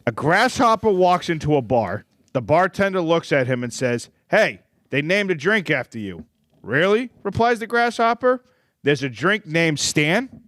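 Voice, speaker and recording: A man's voice: fairly high pitch, sing-song, normal speed, fairly bright tone, dry recording, studio quality. A man co-hosting a casual podcast, reading corny jokes aloud and laughing at them. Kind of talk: casual chat.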